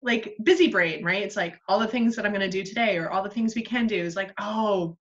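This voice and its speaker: A woman talks in a relaxed, self-deprecating way, often breaking into laughter. Her voice sits mid-range for a woman. The recording sounds a little dull and lo-fi. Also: medium pitch, fast talker, slight background noise. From United States. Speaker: podcast guest. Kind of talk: casual conversational podcast. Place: Australia.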